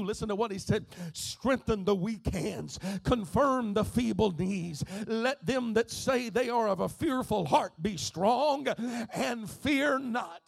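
A pastor preaching with a high-pitched, gravelly voice. He drops low and quiet, then climbs to shouted, sing-song preaching. The sound is dry and close, with no room echo. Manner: preaching, swings from soft to shouting and half-singing. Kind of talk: sermon.

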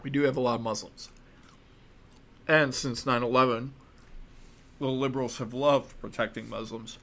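A man's voice: medium pitch, fairly even intonation, measured pace, pauses often, fairly bright tone. A young American man giving opinionated, casual commentary in a sarcastic, mocking and profane way. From United States.

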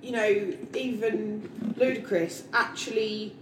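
A woman's voice: mid-range voice, steady tone, slow pace. A woman chatting casually about films as a podcast co-host, agreeable and easygoing. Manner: agreeable, chatty, backs up her partner. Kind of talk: casual film chat. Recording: echoey room with background noise.

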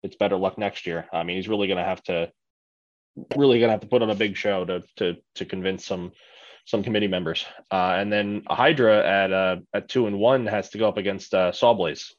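A man co-hosting a podcast in casual chat, rambling with halting restarts over a remote call mic. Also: deep voice, fairly even intonation. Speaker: podcast co-host. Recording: muffled lo-fi audio.

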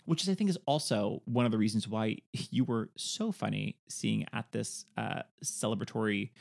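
Gravelly man chatting about a film. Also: fairly low pitch, darkish tone. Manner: enthusiastic, quick to quote lines in silly voices. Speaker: podcast co-host. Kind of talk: casual chat about a film.

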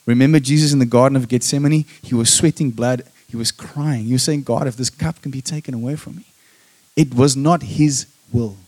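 A man's voice: mid-range voice, fairly even intonation, a little fast, a little mellow. Emphatic male preacher calling for amens. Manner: emphatic, calls for "Amen?" from the congregation. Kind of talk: sermon.

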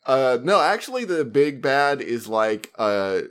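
Male podcast co-host, relaxed and thoughtful, mid pitch, casual game chat. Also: unhurried, clean tone. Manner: relaxed, thoughtful, with frequent short agreements. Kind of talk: casual chat about video games.

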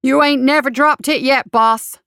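A woman's voice: mid-range voice, steady tone, moderate pace, gravelly, a bit bright, smooth, no room sound, clean studio sound. A woman voicing a scrappy, loyal male sidekick who talks in folksy slang, read for an audiobook. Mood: loyal, rough.

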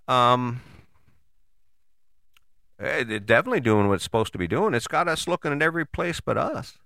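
A man giving a casual motivational talk, conversational and animated, with frequent rhetorical questions and the odd curse word. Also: medium pitch, no echo, studio quality. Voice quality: casual, swears freely. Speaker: motivational host. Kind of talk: motivational monologue.

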